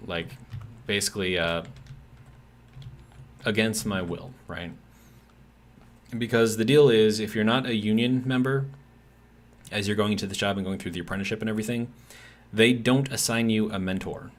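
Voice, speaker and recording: Lowish guy streamer rambling and griping, chill but fed up. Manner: rambling, exasperated storytelling with many fillers. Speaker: gaming streamer. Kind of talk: casual ranting chat while gaming.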